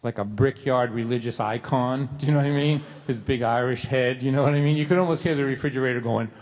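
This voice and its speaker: A middle-aged man tells a comic story live in a church hall, wry and self-mocking. He speaks fast at medium pitch with a darkish tone, and the sound is dull with long hall reverb.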